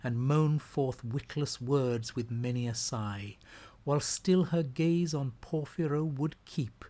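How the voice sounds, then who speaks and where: A man reads poetry aloud at an unhurried pace, measured and expressive. His voice sits at a middle male pitch and at times drops softly toward a whisper. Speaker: reader. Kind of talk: dramatic poetry reading.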